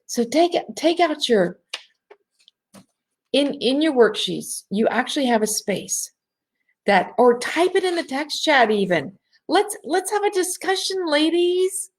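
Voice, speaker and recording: Woman host of a live online gathering, bubbly and direct, unhurried, slightly raised pitch, guides breathing softly. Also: sing-song. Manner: bubbly, laughs often, speaks directly to the audience; soft and slow when guiding breathing. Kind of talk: live-streamed coaching talk with guided breathing. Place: at home.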